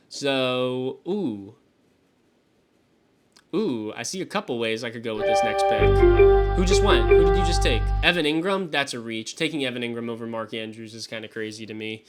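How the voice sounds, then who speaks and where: A man's voice: mid-range voice, lively intonation, moderate pace, pauses often, loud music behind the voice. A young man streaming live, chatting casually and swearing loosely as he reacts to his chat. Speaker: fantasy football streamer.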